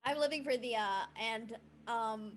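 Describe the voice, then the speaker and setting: A woman's voice: fairly high pitch, unhurried. A woman running a tabletop game as game master, chatty and loose, with lots of fillers. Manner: chatty, loose, often laughing, filler-heavy.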